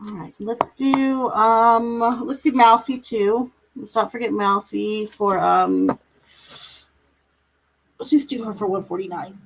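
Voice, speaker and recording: A woman's voice: on the high side, steady tone, takes it slowly, slight background noise, rough recording. A woman doing tarot readings on a live stream, chatty, laughing now and then, drawing out her words. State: yawning, a bit tired. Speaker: tarot reader.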